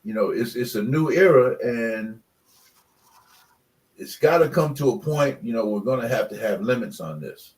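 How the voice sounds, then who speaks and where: A man's voice: mid-range voice, lively intonation, normal speed, a little mellow, distant mic. An older man, a former college football player, talking as a radio guest in a rambling, emphatic way with many fillers. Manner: emphatic, passionate about commitment. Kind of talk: casual radio chat.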